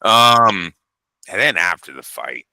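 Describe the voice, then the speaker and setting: Animated, swearing male boxing podcast co-host. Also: low voice, slow, vocal fry, no room sound, low-quality recording. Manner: animated, swears a lot, acts out quotes. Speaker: co-host of a boxing news show. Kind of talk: casual profane chat.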